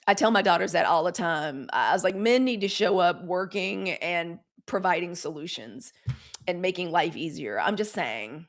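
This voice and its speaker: A woman's voice: on the low side, normal speed. A Gen X woman hosting a live news commentary show, talking candidly with profanity and acting out mock quotes. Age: 40s or 50s. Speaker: host.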